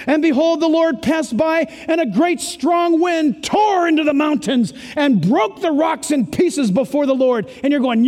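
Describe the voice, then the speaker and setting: Male preacher, high voice, emphatic sermon, long hall reverb. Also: normal speed, few pauses. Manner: emphatic, exclamatory, swings from loud to hushed.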